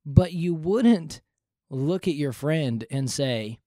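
A man's voice: a little high, expressive, takes it slowly, warm tone, no echo, studio quality. A man hosting a podcast, explaining Bible questions in an earnest, conversational teaching style and repeating his points for emphasis. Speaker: podcast host.

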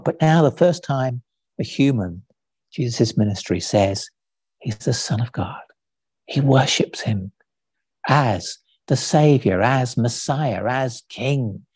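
Man preaching slow and deliberate, warm low-key tone, dry mic. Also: slightly rough, no echo. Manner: slow, deliberate preaching with dramatic quoted lines. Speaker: pastor. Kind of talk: sermon. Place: church.

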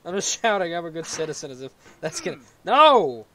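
A man playing a game on a video, commenting as he goes and yelling in frustration when he falls. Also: on the high side, animated, fast. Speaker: gaming YouTuber.

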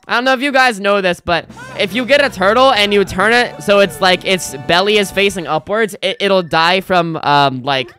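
A woman's voice: medium pitch, normal speed, few pauses, fairly bright tone, soft background music. A young woman streaming a video game, chatting casually and rambling with frequent restarts. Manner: rambling, self-interrupting, chatty. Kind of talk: casual gameplay commentary.

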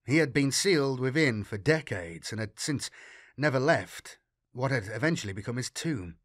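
A man narrating a grim sci-fi audiobook in an expressive storytelling reading. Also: medium pitch, no room sound, clean studio sound. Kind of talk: scripted narration.

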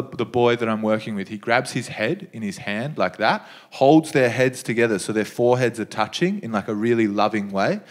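A young man doing stand-up, telling stories in a laid-back, conversational way with lively asides. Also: mid-range voice. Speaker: stand-up comedian. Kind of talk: stand-up storytelling. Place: comedy stage before a live audience.

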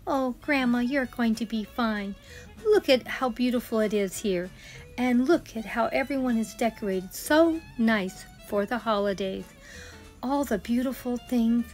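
A woman's voice: fairly high pitch, a little slow, a little mellow, faint music behind, pitched above the performer's own voice, close to an everyday voice. A woman voicing a cheerful young girl, Alice, in a sing-song, encouraging way. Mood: reassuring.

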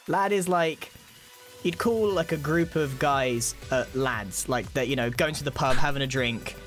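A British man chatting on a podcast, restarting his sentences as he explains things. His voice sits at an ordinary middle pitch, and faint music plays behind him. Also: a little slow. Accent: British, not London. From England. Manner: explains slang with many restarts, animated. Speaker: podcast co-host. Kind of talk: casual group chat.

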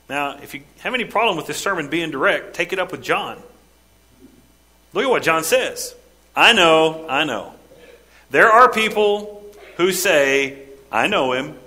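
A male pastor preaching a sermon in church, emphatic and direct, swinging between loud stressed lines and quiet, lowered ones. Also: rough recording. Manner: emphatic preaching, rising and dropping sharply for stress.

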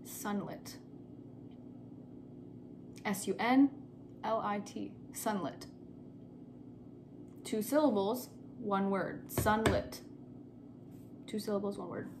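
Young female teacher, unhurried and patient, spells words aloud for kids, noisy home recording. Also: mid-range voice. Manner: slow, patient, repeats words and spells them letter by letter. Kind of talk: remote spelling lesson for young children.

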